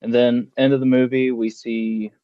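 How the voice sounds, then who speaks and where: A man's voice: medium pitch, normal speed, no room sound. Man with a dull, dry sound. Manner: steady, recounting film plots. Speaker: podcast co-host. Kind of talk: casual horror film discussion.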